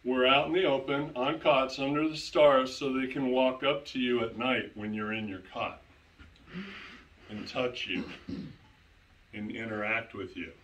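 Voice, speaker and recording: A man's voice: mid-range voice, fairly even intonation, measured pace, a bit bright, slight background noise. A man giving a public lecture, telling stories to an audience and repeating key phrases for emphasis. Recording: roomy sound, distant from the mic.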